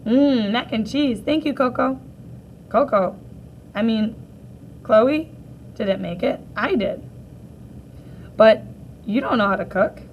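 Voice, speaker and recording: A woman teacher reading a graphic novel aloud for children, gently voicing each character in turn. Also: fairly high pitch, slow, pauses often, highs cut off, slight background noise.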